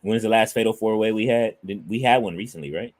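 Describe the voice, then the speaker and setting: A man's voice: lowish voice, fast talker, darkish tone, dry recording. A man co-hosting a casual wrestling chat, laid-back and hesitant, with many fillers. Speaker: podcast co-host.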